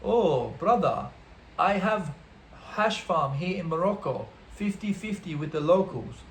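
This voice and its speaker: A friendly older Italian farmer, as an Australian storyteller puts him on, coaxing in broken English and pitched up above the teller's own voice. The sound rings a little in a roomy space. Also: male voice, expressive, measured pace, slight background noise. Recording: roomy echo.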